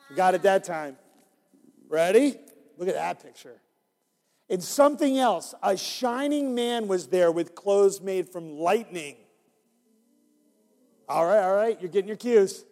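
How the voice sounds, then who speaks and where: An unhurried man with a high-sitting voice reads an interactive Bible story to children as their minister. He is animated, drawing the kids in to join along. The recording has long hall reverb.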